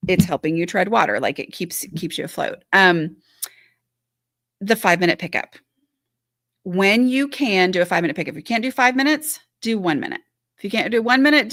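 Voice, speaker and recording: This woman's voice is medium in pitch and slightly bright, recorded with clean studio quality and no room sound. She's a decluttering advice host, once a teacher and a mother, reading out viewer questions on a live-stream and replying chattily and reassuringly, saying "like" and "um" a lot.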